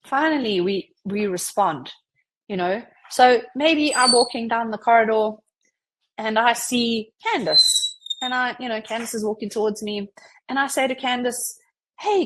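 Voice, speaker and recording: Husky-voiced woman presenting a webinar. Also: a little high, a bit bright, rough recording. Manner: chatty, acts out example dialogue, frequent "you know". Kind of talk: conversational presentation.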